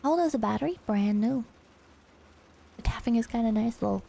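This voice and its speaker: A woman streamer telling a story in a rambling, animated way with casual swearing. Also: on the high side, brisk, gravelly.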